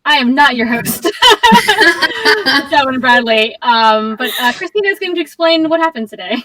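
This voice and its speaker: A woman's voice: sits high, expressive, moderate pace, sharp tone, low-quality recording. Bubbly woman hosting a stream Q and A. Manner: bubbly, stumbling over words. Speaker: player leading the Q and A. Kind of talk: casual stream chat.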